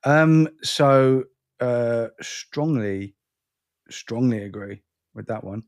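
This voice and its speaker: Speaking extremely slowly at medium pitch, a tired man from England rambles in casual podcast chat as a co-host. He's self-deprecating, and his accent sits between London and educated.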